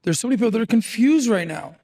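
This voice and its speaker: Podcast guest: a blunt, animated man with a high-pitched voice, casual and profane. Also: rapid-fire, vocal fry. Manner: animated, blunt, swears freely, lots of fillers.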